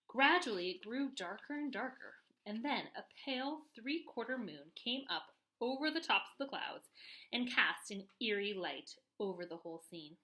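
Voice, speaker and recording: A woman reading a children's book aloud with expressive delivery and little asides to her listeners. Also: on the high side, moderate pace, poor audio. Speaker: reader.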